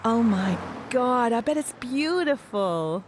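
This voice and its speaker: A woman's voice: fairly high pitch, animated, slow, noisy background. A woman playing a friendly, flirty local who chats with a stranger. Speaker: bookshop worker met on the street.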